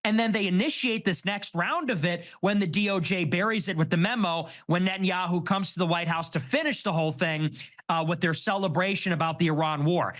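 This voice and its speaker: A man hosting a show, giving casual political commentary in an animated, quick-reasoning way. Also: sits high. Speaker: show host.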